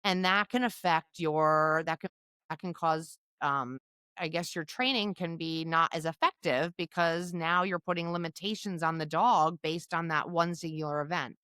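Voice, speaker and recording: A woman's voice: low-pitched, moderate pace, a bit bright, smooth, no echo, studio quality. A woman co-hosting a podcast about dog sport, talking thoughtfully and often restarting her sentences. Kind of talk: casual conversational chat.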